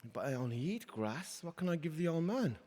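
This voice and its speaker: A man voicing a kind, selfless male rabbit who speaks high and excited. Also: moderate pace. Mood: earnest. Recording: reverberant hall.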